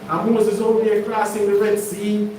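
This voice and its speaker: A man's voice: high voice, monotone, measured pace, darkish tone, slight background noise. A man preaching to his congregation, emphatic and conversational, often putting questions to the listeners. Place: congregation hall. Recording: echoey room, mic far off.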